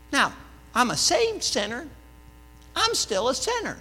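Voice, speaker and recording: A man preaching a sermon in a church, his voice pitched very high and edged with a piercing brightness. He tells stories in a chatty way, dropping to near-murmurs and then rising to loud, emphatic lines. The recording carries a long hall reverb under a steady electrical hum. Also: a little slow, pauses often, slightly rough. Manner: storytelling, swings between hushed and loud emphatic delivery. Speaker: pastor. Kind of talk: conversational sermon.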